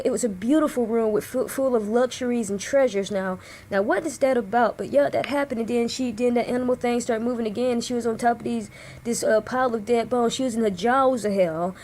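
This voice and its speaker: A woman with a fairly high but dark, mellow voice retells a story to her online viewers in a loose, rambling way, full of restarts and direct asides. A faint hiss of noise sits under the recording. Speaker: online discussion host. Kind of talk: casual spoken retelling of a book.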